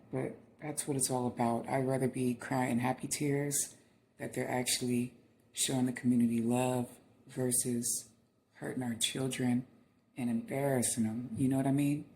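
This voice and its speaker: Gravelly heartfelt man hosting reactions. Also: mid-range voice, level tone, unhurried, dark tone, a little hiss or hum. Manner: heartfelt, addresses viewers as friend; easily moved to tears. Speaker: channel host. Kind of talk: reaction commentary on video clips.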